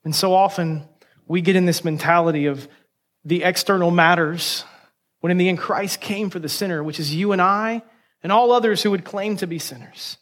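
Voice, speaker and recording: A man preaching a sermon in a slightly higher-than-average voice. He reads a story aloud and gives each speaker a small voice shift. Then he leads the congregation in prayer. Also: normal speed, fairly bright tone. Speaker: pastor.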